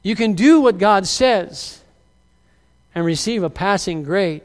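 A middle-aged man preaching from the pulpit with a high, smooth, resonant voice. He carries the congregation along as an animated storyteller, acting out the people he quotes. His words ring out with a long reverb, as in a large church hall. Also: takes it slowly. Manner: animated storyteller who acts out quoted lines. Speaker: pastor. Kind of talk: sermon.

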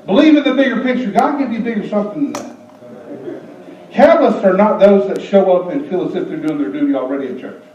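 Animated preacher with a high voice. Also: male voice, fast talker, slight background noise. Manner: animated, gasping, comic preaching with acted-out voices. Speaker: pastor. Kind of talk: sermon. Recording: echoey church, distant mic, dull.

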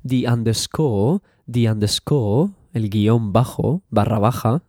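Guy teaching english basics, really slow, dry close sound. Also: lowish voice, mellow, dry recording. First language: Spanish. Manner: slow and repetitive, switching to Spanish for translations. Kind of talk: bilingual language lesson.

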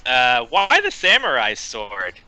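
A man co-hosting a film podcast, reading out his notes in a profane, deadpan way. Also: medium pitch, slow, no room sound, poor audio. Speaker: podcast co-host reviewing a film.

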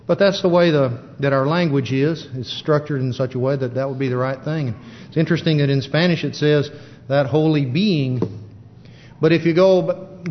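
A man giving a plain-spoken Bible teaching in a halting style with many fillers, recorded in a church. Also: fairly high pitch. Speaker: preacher. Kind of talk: sermon. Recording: dull lo-fi church recording with long reverb.

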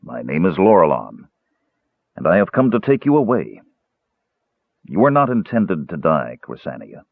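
A man's voice: low voice, big pitch swings, normal speed, long pauses, slightly rough, no room sound, full character voice. A man voicing a stern, solemn old male elf cleric who appears as a ghostly spirit. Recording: tinny phone-like dry sound.

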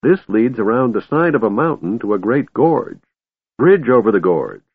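A man's voice: medium pitch, big pitch swings, normal speed, breathy edge, pitched above the performer's own voice. A man doing a doddering old wizard. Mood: insistent. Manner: rambling, insistent. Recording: tinny phone-like dry recording.

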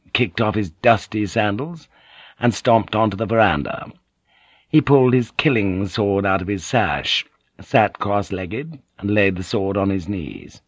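A man's voice: on the low side, dry recording. Male audiobook narrator, dry close sound. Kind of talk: scripted narration.

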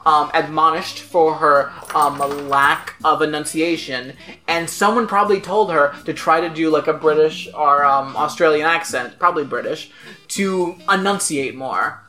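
A woman's voice: sits low, normal speed, pushed and bright, soft background music. A woman in casual chat, telling a story in a mocking, emphatic way.

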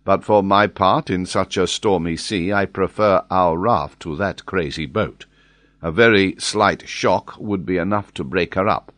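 A man reading an audiobook, voicing a decisive sea captain giving crisp, firm orders. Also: low-pitched, unhurried, a bit bright, no echo. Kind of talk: audiobook character voice.

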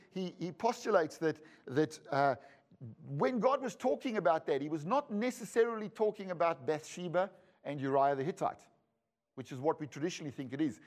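A man's voice: on the high side, darkish tone. A man preaching to a congregation, reading scripture aloud and breaking off into joking asides. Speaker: pastor and Bible school teacher.

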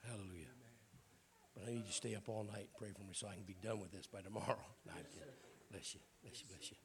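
A man's voice: fairly low pitch, fairly even intonation, fast, a crowd in the background. An older man with a Southern accent preaching a sermon in a folksy, joking way. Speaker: bishop preaching.

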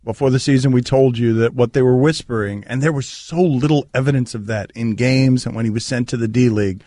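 A man hosting sports talk radio, riffing in an animated way on a studio mic. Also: medium pitch, brisk, no room sound.

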